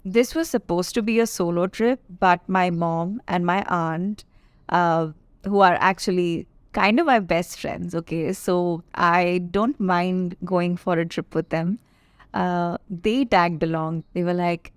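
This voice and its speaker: Woman in her 20s from india, lowish voice, chatty podcast catch-up, dry close sound. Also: steady tone, measured pace, clear, resonant tone, no room sound. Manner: chatty and confiding, playful asides. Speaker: podcast host. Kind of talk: casual solo podcast chat.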